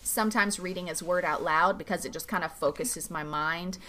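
A woman pastor talking casually about faith in a podcast interview, animated and full of "like" fillers, acting out quoted dialogue. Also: normal speed, slight background noise. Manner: animated, acts out quoted dialogue with big pitch jumps. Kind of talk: conversational faith teaching.

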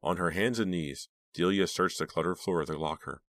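A man narrating a teen thriller audiobook in a measured storytelling voice. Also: low voice, fairly bright tone, no room sound. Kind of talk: scripted narration.

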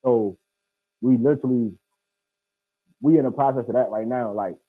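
A man in his twenties speaking as an interview guest, slangy, slow and earnest. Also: medium pitch, slightly rough, no room sound, phone-quality sound. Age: 20s. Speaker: guest, nonprofit founder. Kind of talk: casual interview.

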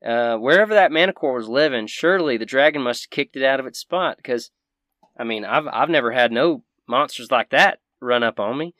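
A man voicing a gruff, misanthropic woman who brews potions, with a folksy, blunt and profane way of talking. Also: mid-range voice, expressive, brisk, fairly bright tone, dry recording, studio quality, voice pushed up, close to an everyday voice. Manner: folksy, blunt, swears freely.

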